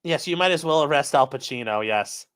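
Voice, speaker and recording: A man's voice: on the high side, animated, a little fast, fairly bright tone, clean tone. A man hosting his channel, mocking a court filing in profane, incredulous commentary and talking to his live chat. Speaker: channel host.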